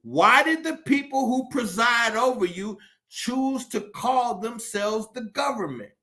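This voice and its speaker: A man's voice: extremely high pitch, lively intonation, unhurried, bright, forceful tone. A man delivering a fiery, profane monologue, full of rhetorical questions and preachy emphasis. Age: adult. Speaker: commentator. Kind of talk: impassioned monologue.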